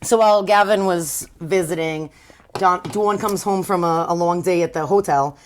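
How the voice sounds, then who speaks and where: A woman co-hosting a podcast, chatting casually about a book and acting out the characters' lines in quick voices, laughing often. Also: lowish voice. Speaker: podcast co-host. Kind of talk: casual chat recapping a book.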